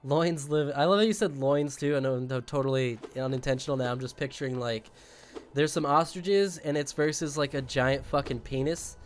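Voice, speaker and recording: A man's voice: mid-range voice, moderate pace, slight background noise. A man chatting casually to his viewers while streaming a game, joking and rambling. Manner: jokey, rambling, talks to chat while playing. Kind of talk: casual gaming stream chat.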